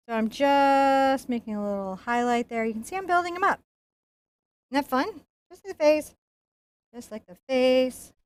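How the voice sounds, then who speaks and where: A woman giving a painting lesson, chatting playfully and joking as she works. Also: fairly high pitch. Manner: chatty, playful, jokes and laughs while painting. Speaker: painting instructor.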